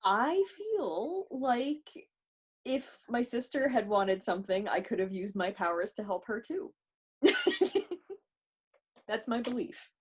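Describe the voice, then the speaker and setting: On a video call, a woman co-hosting a podcast tells stories in chatty, casual conversation. Her voice is a little high and sing-song, with a breathy edge, and she speaks slowly with frequent pauses.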